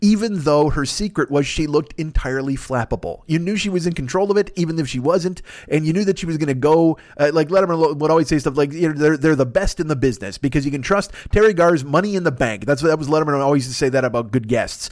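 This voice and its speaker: Animated, profane man riffing solo. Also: on the high side, fast talker, few pauses. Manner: animated, swearing, bursts of laughter. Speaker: podcast host. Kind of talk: profane comic monologue.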